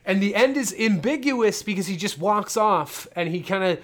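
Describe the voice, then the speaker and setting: A man co-hosting a casual movie discussion, excited and swearing freely as he recaps the plot. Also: high voice, normal speed. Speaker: podcast co-host.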